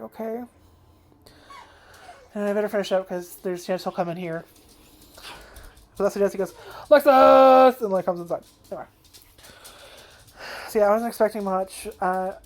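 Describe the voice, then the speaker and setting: A woman's voice: medium pitch, darkish tone. A woman talking casually at home in a personal vlog. She rambles, swears a lot and lets her sentences trail off. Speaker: anime vlogger. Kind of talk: casual chat. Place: home, indoors.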